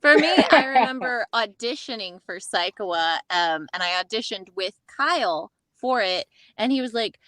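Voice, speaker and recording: Giggly woman with a lively voice. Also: fairly high pitch, normal speed, few pauses. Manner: giggly, animated storyteller. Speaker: voice actor on a panel. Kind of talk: casual panel chat.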